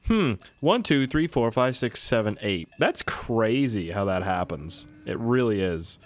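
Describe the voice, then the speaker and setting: A man's voice: medium pitch, expressive, unhurried. A young man from Canada giving joking, self-mocking commentary while playing a game. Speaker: gaming YouTuber. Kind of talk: let's play commentary.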